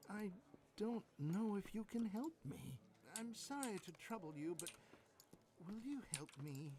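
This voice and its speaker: A man's voice: sits high, animated, a little slow, noisy background. An actor playing a miserable male villager who apologetically begs for help in a video game. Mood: pleading. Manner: mournful, apologetic pleading. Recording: game audio over music.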